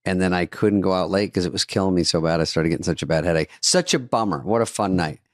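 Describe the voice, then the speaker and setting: Deep-voiced older guy, dry jokey podcast cohost, sounds close and dry. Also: quick pace, no room sound. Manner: dry, joking storyteller. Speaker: podcast co-host. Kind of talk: casual chat.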